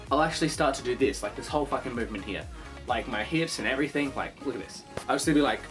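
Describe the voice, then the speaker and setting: A young man vlogging from his bedroom in a casual rambling monologue, animated, swearing a lot and acting out the voices of phone calls. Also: medium pitch, quick pace, faint music behind.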